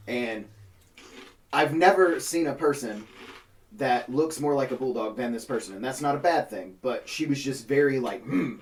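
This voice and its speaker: Casual:-. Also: male voice, mid-range voice, moderate pace, distant mic. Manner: profane, animated, acts out quoted people. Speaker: podcast co-host. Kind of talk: casual storytelling among friends.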